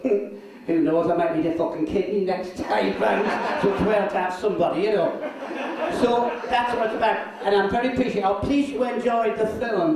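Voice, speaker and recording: An older man, a drag performer telling crude, deadpan anecdotes on stage. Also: high voice. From North East England. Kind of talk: bawdy stand-up storytelling. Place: live show venue. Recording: echoey room, from far off.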